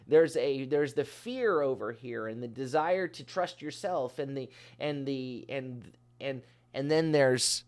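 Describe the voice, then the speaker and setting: A man leading a daily devotional as rabbi, reading scripture aloud and commenting on it earnestly. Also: medium pitch. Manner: earnest, swells loud on key phrases then drops soft. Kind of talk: devotional sermon.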